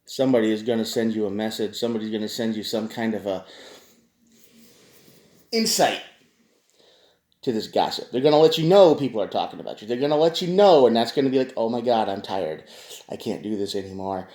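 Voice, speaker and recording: A man's voice: medium pitch, animated, a little fast, pauses often, a little mellow, roomy sound. A man giving a casual tarot reading, talking straight to his viewers with frequent restarts. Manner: conversational, addresses viewers directly, frequent restarts. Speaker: tarot reader.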